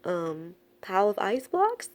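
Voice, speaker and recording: A woman's voice: medium pitch, big pitch swings, takes it slowly. Woman doing a growling Papa Bear. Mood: grumbling. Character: father bear, grumbly head of the family.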